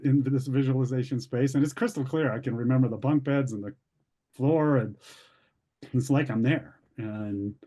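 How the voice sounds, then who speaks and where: Guy telling his own healing story, warm mellow voice, candid and chatty, does little voices for people in it. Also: mid-range voice. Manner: candid storytelling, acts out quoted voices, occasional laughs. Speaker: ministry founder sharing his story. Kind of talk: personal testimony.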